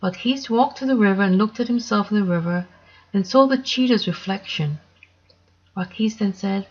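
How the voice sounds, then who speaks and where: A woman reading a children's story aloud in a gentle, measured way. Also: mid-range voice, breathy edge, highs cut off.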